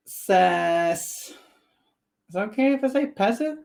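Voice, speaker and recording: A woman's voice: mid-range voice, expressive, slow pace, gravelly, pauses often, a little mellow. A woman chatting casually on a live stream while painting miniatures and answering viewer comments.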